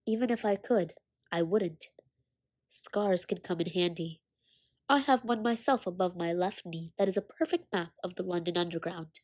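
A woman voicing an old male wizard who speaks calmly, with dry, measured humor. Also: fairly low pitch, husky. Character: old male wizard headmaster, calm and wry.

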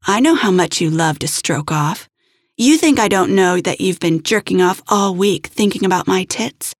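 A woman voicing a mocking old college friend who taunts in a soft, breathy voice. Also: fairly low pitch, expressive, moderate pace, no room sound, studio quality. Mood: taunting. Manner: cooing, taunting.

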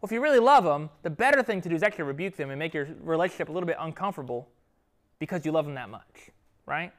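Man, Bible teacher with a youth group, lively and conversational, tags lines with "right?". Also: on the high side, rapid-fire. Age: adult with children. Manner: animated, keeps checking in with "right?" and "okay?".

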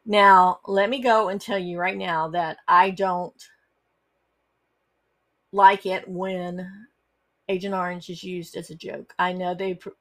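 A woman's voice: fairly low pitch, fairly even intonation, takes it slowly, pauses often, fairly bright tone. A middle-aged woman, hosting a personal storytelling podcast and talking earnestly, with frequent fillers and restarts. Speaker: podcast host.

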